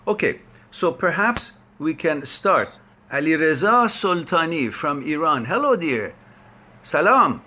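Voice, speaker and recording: A man's voice: on the high side, sing-song, unhurried, sharp tone. A man hosting a live online talk, chatting and laughing as he greets viewers by name before starting his topic. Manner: chatty, laughs often, rambling.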